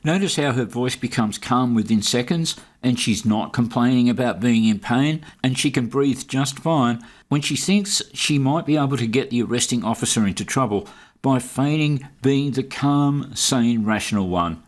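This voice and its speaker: A man's voice: mid-range voice, moderate pace. A man giving sarcastic, mocking commentary over video footage. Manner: sardonic, mocking.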